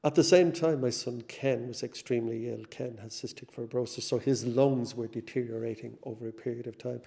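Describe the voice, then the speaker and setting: A middle-aged man, a singer, telling his personal testimony in a reflective, conversational way, with many pauses and fillers. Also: medium pitch, steady tone, gravelly, warm tone.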